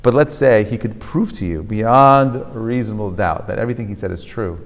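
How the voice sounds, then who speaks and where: A man teaching a class as a rabbi. He talks in an animated way, often checks with "right?", and mixes Hebrew terms into English. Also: lowish voice, brisk, in a large hall. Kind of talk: lecture to a live class. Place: lecture hall with a live audience.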